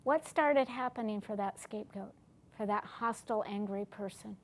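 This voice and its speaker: A woman's voice: medium pitch, normal speed, a little hiss or hum. A middle-aged woman giving a classroom lecture on family recovery, asking her audience questions and acting out short exchanges. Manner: asks the audience questions, acts out short dialogues.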